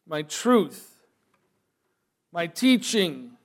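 A man preaching a sermon, moving from quiet, thoughtful asides to loud, emphatic proclamation. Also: a little high, animated, extremely slow, pauses often.

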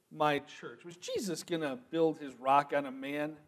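A man preaching a sermon, moving from quiet, thoughtful asides to loud, emphatic proclamation. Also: on the high side, fairly even intonation, a little slow, few pauses.

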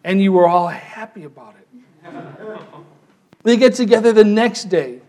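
A man preaching a sermon as pastor, telling the story with lively, animated delivery and acting out voices. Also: high-pitched, a little slow.

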